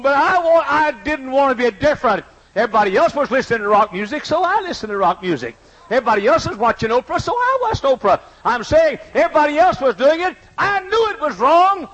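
A male preacher gives a deeply passionate sermon, speaking in the first person as repentant sinners and swinging from hushed, low pleading to shouting. The audio quality is poor.

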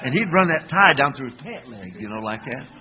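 A man's voice: medium pitch, big pitch swings, brisk, muffled recording, a little hiss or hum. A middle-aged man preaching a sermon, folksy and emphatic, calling for responses from the congregation. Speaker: pastor.

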